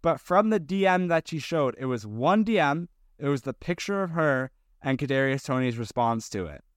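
A man co-hosting a podcast, talking loosely and circling back through fillers and restarts. His voice is smooth and resonant. It is recorded dry and close, with little room sound. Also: a little high, expressive, moderate pace, no echo. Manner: rambling, with many fillers and restarts. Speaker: podcast co-host. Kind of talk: casual chat.

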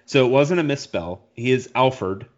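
A man's voice: mid-range voice, expressive, normal speed, a little mellow, dull audio. A man co-hosting a podcast in casual chat, reading listener mail and searching things up aloud. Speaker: podcast co-host.

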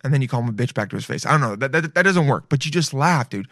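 A man talking straight to viewers in a casual, profane monologue, loud and animated, swearing freely. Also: medium pitch, racing, no room sound. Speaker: vlogger.

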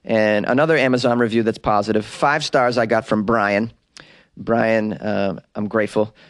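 A man's voice: on the low side, fairly even intonation, moderate pace, no echo. Man, comedian podcast host, chatty, rambling, dry close sound, middle-aged. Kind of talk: casual podcast monologue.

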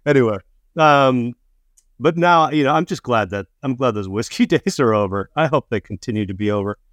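A man's voice: medium pitch, animated, moderate pace, fairly bright tone, no echo, clean studio sound. Rambling, profane man in casual chat. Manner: rambling, profane, many restarts and stammers. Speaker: comedian and film director, podcast guest.

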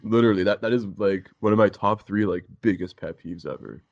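A man co-hosting a casual podcast chat, profane and animated, quick to laugh. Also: lowish voice, creaky, dull audio. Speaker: podcast co-host.

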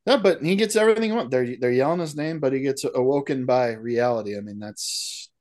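A man's voice: mid-range voice, fairly quick, darkish tone. A man co-hosting a movie podcast, chatting casually and joking, often trailing off and restarting. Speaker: podcast co-host. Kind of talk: casual chat.

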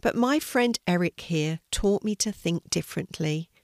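A woman voicing a gentle young male dragon who speaks calmly and kindly. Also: fairly low pitch, normal speed, no room sound, studio quality, natural voice. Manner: calm, kindly.

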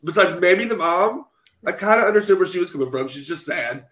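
A man with a fairly high voice chats on a podcast, laughing easily. He keeps stopping to puzzle over things aloud, in a halting, questioning way. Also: lively intonation, fairly bright tone. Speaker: podcast co-host. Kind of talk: casual chat.

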